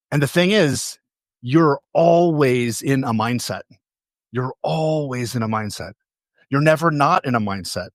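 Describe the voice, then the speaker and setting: A man's voice: mid-range voice, fairly bright tone, no echo, clean studio sound. A man giving a motivational stage talk as a coach. He tells stories, asks the audience questions and repeats key phrases for emphasis.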